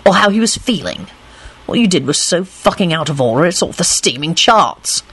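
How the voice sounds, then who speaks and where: A woman voicing a blunt, sardonic man who speaks gruffly and curtly. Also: on the low side, sing-song, normal speed, fairly bright tone, exaggerated voice. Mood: scolding.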